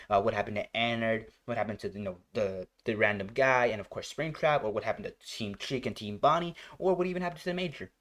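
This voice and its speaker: A young man hosting a reaction video, chatting casually and rambling with lots of filler words. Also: medium pitch. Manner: rambling, full of "like" and "you know".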